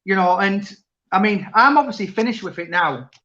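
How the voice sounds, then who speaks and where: A man's voice: high-pitched, expressive, moderate pace, bright, forceful tone, highs cut off. A man chatting casually as interviewer, rambling with many restarts. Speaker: interviewer and author. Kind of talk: casual chat.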